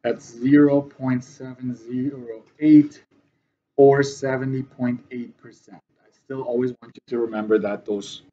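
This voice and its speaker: A man's voice: medium pitch, steady tone, a little slow, warm tone, muffled recording. A male math teacher giving a classroom lesson, often checking that his students follow.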